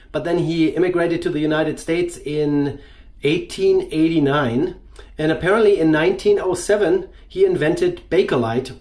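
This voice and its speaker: A man's voice: on the high side, darkish tone. A man hosting a shaving channel, talking through his gear in a loose, rambling way with many fillers. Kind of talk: casual product review.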